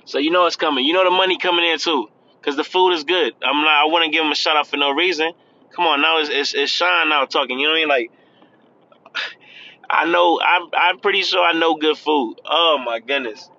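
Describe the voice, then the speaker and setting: Guy rambling motivational stuff in his car, bright punchy voice, kinda muffled mic. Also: fairly high pitch, a little fast. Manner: earnest, repetitive, calls listener "man". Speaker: podcast host. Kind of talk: casual motivational talk. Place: in a car, driving.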